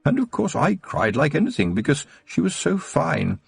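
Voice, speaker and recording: A man's voice: fairly high pitch, huge pitch swings, normal speed, vocal fry, breathy edge, no echo, faint music behind, pitched above the performer's own voice, heavily acted. A man voicing a frail elderly baron in an audiobook, speaking in a trembling, wistful old man's voice. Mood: joyful. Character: frail elderly male baron, tearful and joyful.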